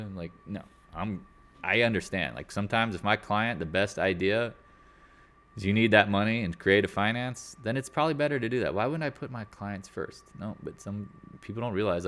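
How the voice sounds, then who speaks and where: A man's voice: sits low, fairly quick, fairly bright tone. A man hosting a casual live market chat, rambling and joking as he goes. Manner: rambling, jokey, self-deprecating. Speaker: market chat host and real estate agent.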